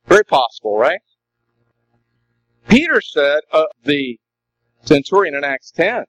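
A male pastor preaching with a high, very animated voice that swoops up and down as he presses his points. He leans on rhetorical questions and repeated phrases. The sound is dry and close. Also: measured pace, long pauses, dry recording, rough recording. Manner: emphatic preaching with rhetorical questions, swinging pitch. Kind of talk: sermon.

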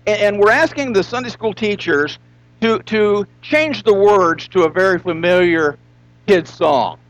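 Pastor guy preaching, high voice, dry close sound, keeps hammering questions at the crowd. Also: no room sound, lo-fi sound. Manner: emphatic, with rhetorical questions and drawn-out repetition. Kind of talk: sermon.

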